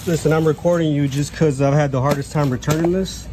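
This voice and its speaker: A man's voice: on the high side, fairly even intonation, fast talker, warm tone, slight background noise. A man filming himself at a shop counter, making rambling, insistent complaints about a return. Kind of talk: casual confrontation.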